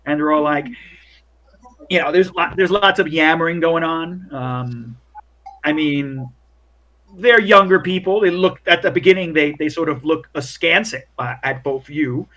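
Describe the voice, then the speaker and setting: A man's voice: fairly high pitch, measured pace, a bit bright. A man narrating as game master in a casual, rambling way with many fillers.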